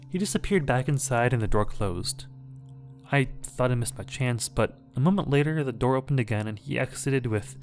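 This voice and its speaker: A man reading a scary story aloud in a measured, dramatic way. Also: medium pitch, expressive, faint music behind. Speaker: horror story narrator. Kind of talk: scripted horror story narration.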